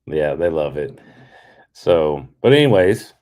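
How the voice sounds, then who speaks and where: A man with a remarkably deep, low voice co-hosts a podcast from a remote call. He talks in a relaxed, rambling way, often restarting his sentences. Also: takes it slowly. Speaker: podcast co-host. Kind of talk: casual chat.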